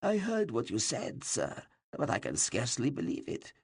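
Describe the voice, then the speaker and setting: A man's voice: mid-range voice, wildly swooping pitch, normal speed, vocal fry, husky, voice pushed up, heavily acted. A man voicing a respectful, deferential military commander in an audiobook. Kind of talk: audiobook character voice.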